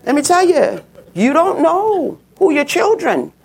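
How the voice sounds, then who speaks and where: A middle-aged woman preaching a sermon, telling a personal story and swooping up high when she quotes people. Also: very animated, a little slow, vocal fry, a little mellow.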